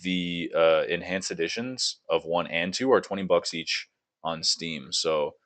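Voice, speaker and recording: A man's voice: sits low, measured pace, fairly bright tone. A young man hosting a casual gaming podcast, loose and profane, laughing a lot and reading game blurbs aloud. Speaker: podcast host.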